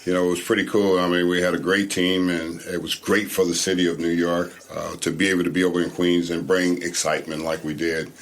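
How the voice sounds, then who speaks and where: Deep-voiced man in his sixties reminiscing. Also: brisk, hardly any pauses. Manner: relaxed storytelling, casual grammar. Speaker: guest, former baseball player. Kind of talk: interview conversation.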